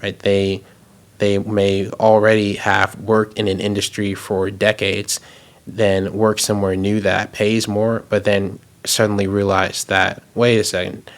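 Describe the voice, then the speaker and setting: A man hosting a podcast, explaining his points in a measured, thoughtful way. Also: fairly low pitch, monotone. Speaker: podcast host. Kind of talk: podcast conversation.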